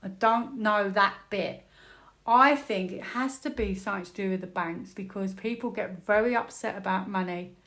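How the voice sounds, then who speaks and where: A British woman doing a tarot reading, thinking out loud, exclaiming and repeating words as she turns cards. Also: mid-range voice, moderate pace. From United Kingdom. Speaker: tarot reader.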